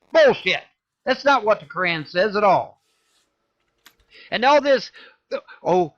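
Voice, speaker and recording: High-voiced man ranting angrily. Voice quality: loud, cursing, repeats himself. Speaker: ranting video creator. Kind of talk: angry profane rant. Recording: dull lo-fi audio.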